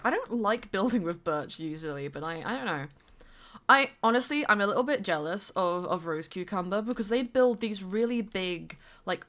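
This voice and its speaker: A woman's voice: lowish voice, fairly bright tone. A woman streamer chatting casually while she builds in a game, rambling on with fillers and bits of humming.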